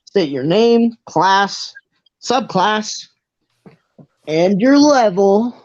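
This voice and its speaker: A man's voice: high-pitched, expressive, very slow, no echo, lo-fi sound, pitched above the performer's own voice, heavily acted. A man voicing a small, curt male halfling ticketmaster who questions fighters in a clipped, officious way.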